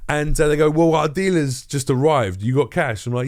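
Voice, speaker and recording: Comic guest in his forties or fifties, sweary, animated raconteur, mid-pitched. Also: fairly quick. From England. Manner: profane, animated, acts out quoted voices. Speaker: comedian guest. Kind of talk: casual storytelling interview.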